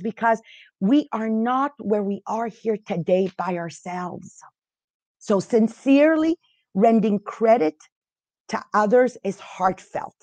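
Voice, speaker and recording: Woman host, halting and restarting, dry close sound, mid pitch. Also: darkish tone, no room sound. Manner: halting, restarts often, unsure of pronunciation. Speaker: podcast host leading a reading group. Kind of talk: casual spoken teaching.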